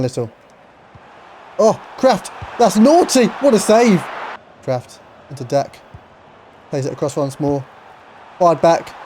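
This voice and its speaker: An excitable young man calls a football game as he plays, his voice sitting a touch high. The tone is mellow and soft, with a faint hum of noise behind him. He jumps from loud cheers to quiet mumbling. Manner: excitable, swings from shouting to muttering. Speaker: gaming YouTuber. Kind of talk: excited live game commentary.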